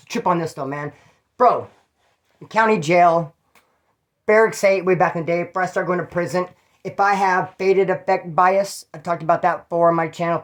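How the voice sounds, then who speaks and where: A man from California casually telling prison stories, in a profane, slangy, rambling way with restarts. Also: high voice. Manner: mimics others in quoted voices. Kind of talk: casual storytelling.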